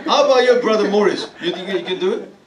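High-voiced playful preacher in an echoey hall. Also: male voice, fast. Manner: playful, teasing, laughs often, calls for responses. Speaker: pastor leading Bible study. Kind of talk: interactive sermon with congregation. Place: church hall with congregation. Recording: echoey room, from far off, crowd.

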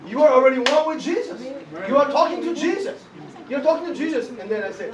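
Man, sermon, very high voice, lively pitch, roomy echo, distant mic, congregation around. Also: crowd noise. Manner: animated storytelling, halting word searches, frequent laughter. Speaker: preacher. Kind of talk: sermon with live interpreting. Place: church hall.

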